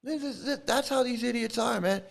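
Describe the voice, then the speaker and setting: A very high, creaky male voice speaks briskly. The middle-aged man is hosting his YouTube channel live, ranting in anger and cursing at commenters in a confrontational, profane style.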